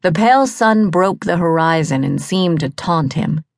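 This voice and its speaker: Low, slow woman narrating a dark fantasy. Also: animated, creaky, no room sound, studio quality. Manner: measured, dramatic storytelling. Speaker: audiobook narrator. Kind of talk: scripted dramatic narration.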